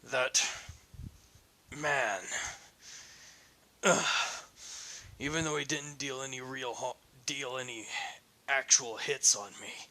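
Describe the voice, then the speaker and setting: A man's voice: medium pitch, steady tone, takes it slowly, pauses often, pushed and bright. A man voicing a wounded male soldier who plays down his pain, grunting as he talks.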